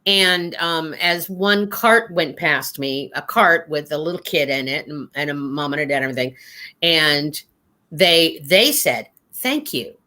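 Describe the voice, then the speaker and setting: A woman in casual chat, telling an anecdote in a lively way and acting out the other people's voices. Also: deep voice, measured pace.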